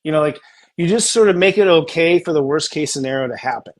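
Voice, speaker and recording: A man hosting a casual spiritual coaching chat, animated and acting out tender inner dialogues. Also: on the high side, fast. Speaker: astrologer host.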